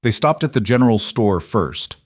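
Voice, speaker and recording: A man narrating a scripted western story in even, steady storytelling. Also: lowish voice, moderate pace, no echo, studio quality.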